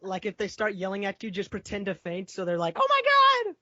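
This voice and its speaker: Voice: medium pitch, little pitch movement, quick pace, no echo. A podcast co-host chiming in with jokes and laughter in casual chat. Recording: dull lo-fi sound.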